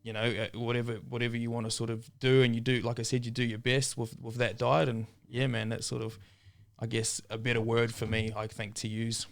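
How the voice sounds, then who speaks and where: A young man from New Zealand, a podcast guest in a relaxed casual chat, often saying "man" and "bro". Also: mid-range voice, fairly quick, creaky. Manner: laid-back, says "man" and "bro" often.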